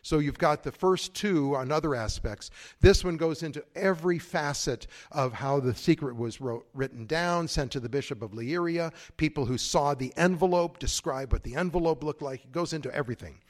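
A man's voice: a little high, normal speed, hardly any pauses. A man who is a priest, giving a conference talk in a conversational, digressive way with frequent asides.

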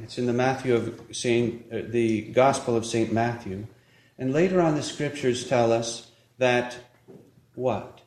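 A man, a priest, giving a sermon at Mass, preaching in a measured way with pauses and occasional self-corrections. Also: medium pitch, darkish tone, echoey room, slight background noise, rough recording. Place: church.

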